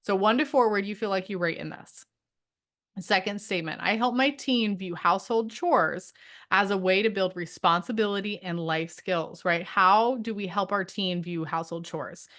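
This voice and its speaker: At home with a dog nearby, a middle-aged woman coaches homeschool parents in an online training. She speaks conversationally at a moderate pace with a mid-range, fairly bright voice, often checking in with "right?" and acting out the voices of parents and teens.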